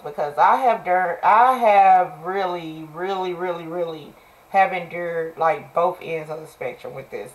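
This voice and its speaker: A woman's voice: lowish voice, rough recording. A woman in her forties giving a casual tarot reading, talking candidly and bluntly, cursing freely and repeating phrases for emphasis. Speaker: tarot reader.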